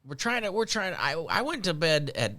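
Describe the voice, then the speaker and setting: A man co-hosting a podcast, chatting casually in halting sentences that often trail off. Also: fairly high pitch, sing-song, sharp tone. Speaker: podcast co-host. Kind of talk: casual chat.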